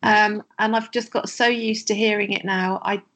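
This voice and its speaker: A woman with a posh English accent talks as a podcast co-host. She is reassuring and gently self-mocking. Her voice is mid-pitched and everyday. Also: steady tone, normal speed. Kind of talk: casual chat.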